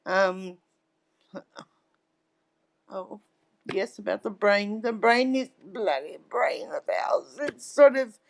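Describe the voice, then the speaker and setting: This middle-aged woman's voice is medium in pitch, slow and creaky, with frequent pauses. As a guest in a casual interview, she relates stories in a chatty manner, tagging lines with "right?"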